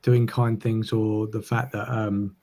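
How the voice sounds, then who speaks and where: Casting: male interview host, mellow, gravelly, flat delivery, halting. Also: fairly low pitch. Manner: hesitant, filler-heavy. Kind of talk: conversational interview.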